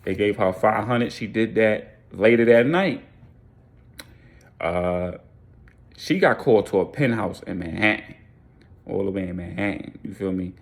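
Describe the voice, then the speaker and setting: A man's voice: lowish voice, a little slow, pauses often. A man narrating a story casually, in a slangy, loose, rambling way.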